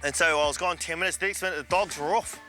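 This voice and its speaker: A man spins a yarn in a lively, slangy way. His voice sits high and sounds very bright and sharp. Faint music plays behind him. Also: fast talker. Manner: lively yarn-spinning, colloquial. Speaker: storyteller. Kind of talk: casual anecdote.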